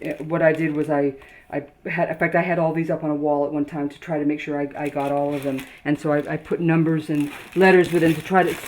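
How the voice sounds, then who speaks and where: Low-voiced woman rambling over noisy video. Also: a little mellow. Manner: halting, lots of ums and restarts, reading out labels. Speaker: toy collector. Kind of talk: casual show-and-tell narration.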